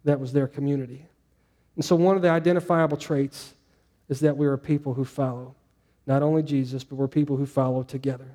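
A man preaching a relaxed, conversational sermon. He asks the congregation questions as he goes and acts out quoted lines. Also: medium pitch, quick pace.

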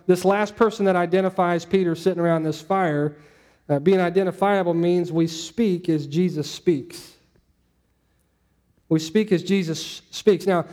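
A man delivering a sermon in a chatty, down-to-earth way. His voice sits fairly high but sounds mellow and warm. He keeps checking in with the listeners. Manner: chatty, asks the audience, acts out quotes. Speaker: preacher. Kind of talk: conversational sermon.

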